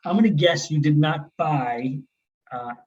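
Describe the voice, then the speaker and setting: A middle-aged man co-hosting a podcast from his laptop, tossing out dry quick one-liners in casual chat. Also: a little high, a little mellow, husky. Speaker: podcast co-host. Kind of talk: casual chat over a video call. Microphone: laptop mic on a video call. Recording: dull lo-fi call audio with faint noise.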